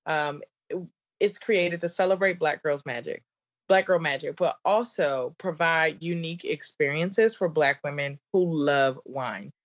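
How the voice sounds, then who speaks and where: A woman's voice: low-pitched, measured pace. A woman in her thirties with a Southern accent, a podcast guest talking in a bubbly, chatty way with frequent laughs and likes. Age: 30s. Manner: bubbly and talkative, laughs often, many likes and ums. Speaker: podcast guest, business coach. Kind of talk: casual interview chat. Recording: dull lo-fi remote audio.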